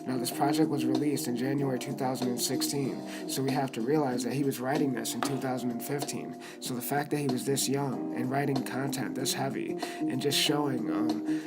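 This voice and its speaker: A man's voice: mid-range voice, fairly even intonation, fairly quick, rough recording. A man giving passionate, profane commentary on a rapper's music, rambling with many fillers. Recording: loud music under the voice.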